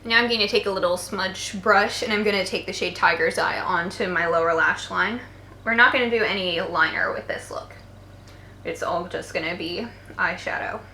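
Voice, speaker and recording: Pitched on the low side and sharp in tone, this woman's voice narrates a casual makeup tutorial in a chatty, playful, joking way. She's in her twenties and tired from poor sleep. Expect roomy echo, faint background noise, and faint voices from people outside.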